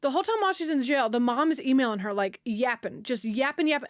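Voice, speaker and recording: A woman's voice: sits high, lively intonation, fast talker, dry recording, studio quality. A young woman streamer retelling a story in casual, slangy chat, full of fillers and outbursts.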